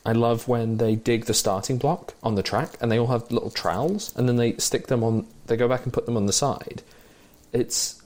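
A man's voice: medium pitch, fairly even intonation, normal speed, a little mellow. Chatty, enthusiastic man. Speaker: podcast co-host. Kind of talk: casual film chat.

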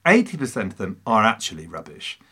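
Animated, theatrical man. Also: fairly low pitch, brisk, breathy edge. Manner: theatrical, emphatic, teasing. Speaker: podcast co-host. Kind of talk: casual film discussion.

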